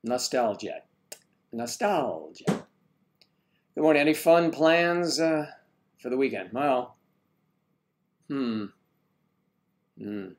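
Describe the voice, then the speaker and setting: A man's voice: a little high, animated, slow, long pauses, a little hiss or hum. A man hosting a casual live stream, rambling and joking as he greets viewers and reads their comments aloud.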